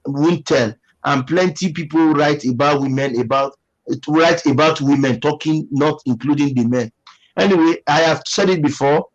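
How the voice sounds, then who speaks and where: A man's voice: fairly high pitch, highs cut off. A man with a Nigerian English accent hosting a casual livestream, reading out comments and giving emphatic, repetitive advice. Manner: preachy, emphatic, repeats himself. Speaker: livestream host.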